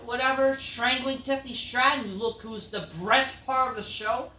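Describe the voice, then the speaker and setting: A man rants his way through a wrestling review, rambling and swearing. His voice has a bright, sharp edge and flares into loud outbursts. It sounds distant from the mic in an echoey room. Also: very high-pitched, fairly even intonation, normal speed. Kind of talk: casual ranting review.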